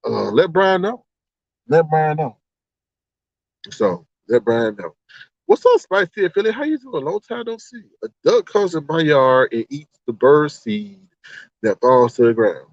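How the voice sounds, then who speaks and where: A man hosts a livestream, rambling and exclaiming as he talks to viewers. His voice sits fairly high and swings widely in pitch. The recording is dry and slightly dull. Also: a little slow, dry recording. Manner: animated, rambling, exclaims and laughs often. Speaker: livestream host. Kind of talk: casual livestream chat.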